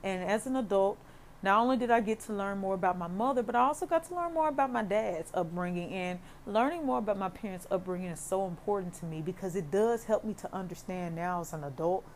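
A woman's voice: medium pitch, fast, darkish tone, slight background noise. A young woman who works as a therapist, talking casually and heartfelt on her podcast, with many "you know" fillers. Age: young adult.

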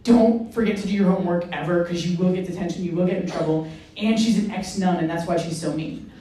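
A woman from Rhode Island, a Franciscan sister, telling a personal story as a guest speaker, lively and self-mocking, acting out the voices in her story. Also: lowish voice, quick pace. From Rhode Island, USA. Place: hall with an audience. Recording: roomy echo.

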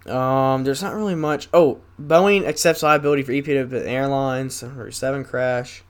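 A man's voice: mid-range voice, steady tone, clean tone. Rambling young man reading the news. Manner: rambling, reads news aloud haltingly with asides. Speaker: podcast host. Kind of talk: solo casual news chat.

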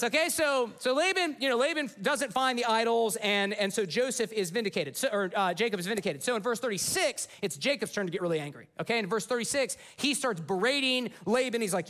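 Give me a male pastor with a high voice telling the story animatedly in a sermon. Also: lively intonation, fast, fairly bright tone.

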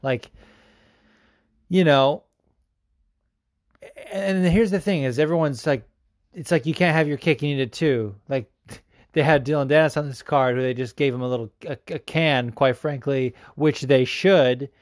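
A man's voice: medium pitch, unhurried, pauses often, no room sound. Young man, podcast host, loose and profane, jokey rambling chat, dry close sound. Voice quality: swears often, rambling and joking. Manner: loose, self-mocking, animated. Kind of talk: casual solo podcast talk about MMA.

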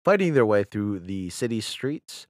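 A man's voice: on the low side, big pitch swings, unhurried, dry recording, clean studio sound. A young man co-hosting a casual podcast, joking, swearing and stumbling while reading aloud. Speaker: podcast co-host. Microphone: studio mic.

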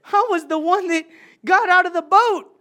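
A man voicing the disciple Peter as an indignant, protesting figure who demands credit, in a raised, loud voice. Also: very high-pitched, moderate pace, voice pushed up.

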